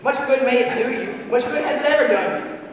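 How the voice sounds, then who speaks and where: A man voicing a bitter, miserly old man who snaps gruff, scornful outbursts, heard from far off in an echoey hall. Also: very high-pitched, fairly quick, background noise.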